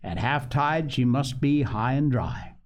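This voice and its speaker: A man's voice: medium pitch, animated, a little slow, close to an everyday voice. A man voicing an honest, frightened young cabin boy who speaks in an earnest, pleading way.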